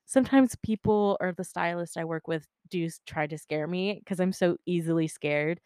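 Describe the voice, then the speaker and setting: Brief: woman, lower voice, dry close sound, chatty storyteller who swears and quotes people. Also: moderate pace, few pauses, a little mellow, clean tone, dry recording. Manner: chatty, filler-heavy, swears freely; acts out dialogue in quotes. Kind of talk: casual storytelling.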